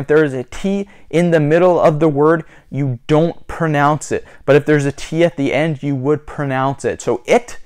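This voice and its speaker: A man making a casual how-to vlog, chatty and repetitive, slowly spelling out and demonstrating words. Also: fairly high pitch, darkish tone, clean tone. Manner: chatty, repeats "you guys" and "so again". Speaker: YouTuber.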